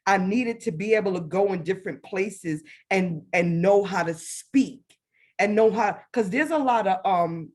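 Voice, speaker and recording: Woman, guest, faith testimony, animated storytelling, middle pitch. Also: measured pace. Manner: animated storytelling, acts out her own past words.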